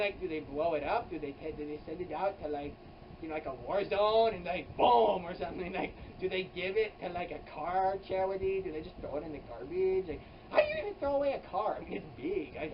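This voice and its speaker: A rambling comic storyteller who piles up "like"s and restarts, with sudden exaggerated jumps in pitch and loudness. The voice is caught by a camera mic some distance away in a hot indoor room. The sound is dull, with a faint air-conditioner hum behind it. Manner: rambling, filler-heavy, with frequent "like" and restarts. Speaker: comedy vlogger.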